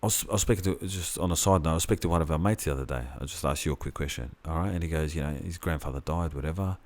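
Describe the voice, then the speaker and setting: A man's voice: a bass voice, racing, a little mellow. A man co-hosting a podcast, rambling in casual chat with plenty of swearing and restarts. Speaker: podcast co-host.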